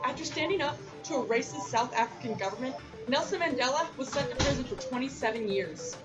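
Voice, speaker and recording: A young woman reads a school-project newscast with eager enthusiasm. Her voice sits fairly high, and music plays underneath. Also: animated, brisk, low-quality recording. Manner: bright, enthusiastic reading with cheers. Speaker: news anchor. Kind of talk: read mock news broadcast.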